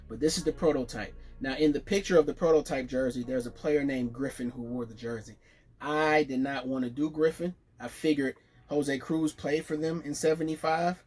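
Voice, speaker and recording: Excited male vlogger, mid-pitch, casual show-and-tell, soft music behind. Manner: excited, chatty, fillers and self-corrections. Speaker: jersey collector showing his collection.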